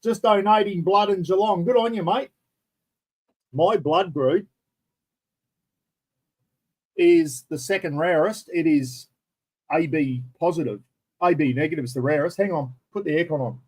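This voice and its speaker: A man's voice: a little high, moderate pace, darkish tone, husky, low-quality recording. An older Australian man hosting a casual live stream from home, chatting loosely and greeting viewers by name over a built-in computer mic. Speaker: livestream host. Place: indoors at home. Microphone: computer's built-in microphone.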